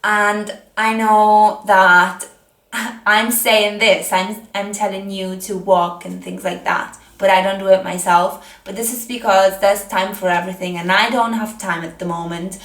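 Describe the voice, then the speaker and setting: A woman's voice: medium pitch, fairly even intonation, measured pace, fairly bright tone. A young woman with an Italian accent giving casual fitness advice from home, chatty and self-mocking with rambling asides. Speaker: fitness vlogger. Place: home, seated on a chair. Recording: echoey room.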